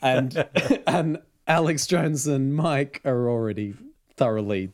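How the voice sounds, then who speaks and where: A man's voice: medium pitch, slow pace, a little mellow. Guy hosting a podcast, rambling through a story with ums and little laughs. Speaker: podcast host. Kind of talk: casual chat.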